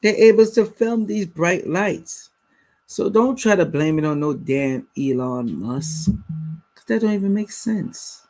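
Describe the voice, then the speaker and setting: Slangy guy on a livestream, blunt, slow and easygoing, talking to his chat. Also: sits high, expressive, darkish tone. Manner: blunt, slangy, talks to viewers. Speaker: livestream host. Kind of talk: casual live-stream commentary.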